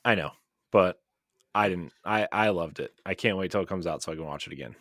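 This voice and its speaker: A man's voice: low voice, fairly quick, a bit bright, dry recording, studio quality. A man co-hosting a casual podcast chat, talking enthusiastically and rambling with many fillers and restarts. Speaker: podcast co-host.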